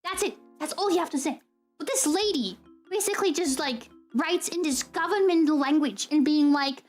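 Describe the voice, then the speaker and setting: Young woman, streamer, high voice, animated ranting, laughs a lot, casual live chat, faint music behind. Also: fairly quick.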